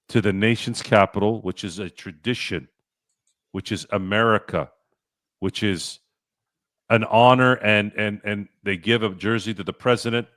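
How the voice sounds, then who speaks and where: A man's voice: lowish voice, a bit bright, no echo, clean studio sound. A man hosting a sports talk show, ranting bluntly and swearing freely. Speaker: podcast host.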